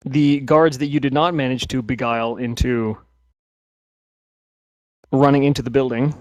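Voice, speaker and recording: A man's voice: mid-range voice, steady tone, moderate pace, a little mellow, dry recording. A man narrating a tabletop game as game master, often restarting and hesitating mid-sentence.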